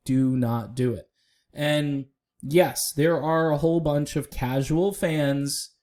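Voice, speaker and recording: A man's voice: on the high side, darkish tone. A man giving casual, opinionated solo commentary on music news, talking straight to viewers with frequent fillers.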